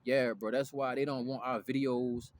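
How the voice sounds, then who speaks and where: A man's voice: mid-range voice, level tone, moderate pace. A young man telling a story in a rambling, profane monologue, full of slang and restarts. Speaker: vlogger. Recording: noisy background.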